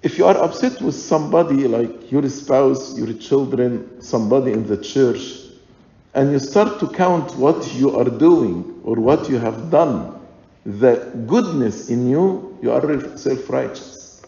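Slow, mellow-voiced male preacher in an echoey hall. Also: medium pitch, animated, gravelly. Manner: slow, deliberate, emphatic, with repeated phrases. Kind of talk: sermon. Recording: echoey hall, dull lo-fi sound.

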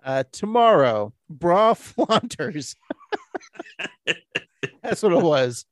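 A man's voice: high voice, very animated, extremely slow, dry recording. A man co-hosting a podcast, recapping an episode in casual chat, giggling and playful. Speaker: podcast co-host.

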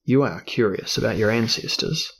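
A man voicing a cunning, curious explorer duke in a storybook reading, deliberate and probing. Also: on the low side, vocal fry, fairly bright tone, breathy edge, exaggerated voice. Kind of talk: audiobook character reading.

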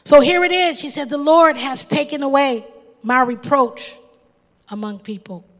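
A woman's voice: sits high, a little slow. A woman preaching a sermon, impassioned and calling out to the congregation. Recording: long reverb.

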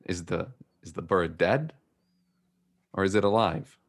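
Storyteller bit: man doing a taunting young boy, slow and deliberate, deep voice.

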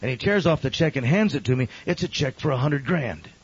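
Husky, animated male pastor preaching. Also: medium pitch, fairly quick. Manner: dramatic, swings from loud exclamations to hushed near-whispers. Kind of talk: storytelling sermon. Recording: dull lo-fi sermon recording.

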